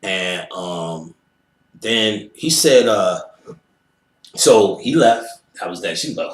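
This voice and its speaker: Animated man telling a rowdy story. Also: deep voice, takes it slowly, long pauses. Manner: acts out quotes and sound effects, profane. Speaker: interviewee. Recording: roomy echo.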